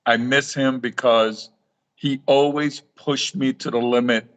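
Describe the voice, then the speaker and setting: Middle-aged man telling lively stories. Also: medium pitch, measured pace. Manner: animated storytelling, acting out quoted dialogue with repeated restarts. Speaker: guest, reef aquarium author. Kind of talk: storytelling in a live talk show interview.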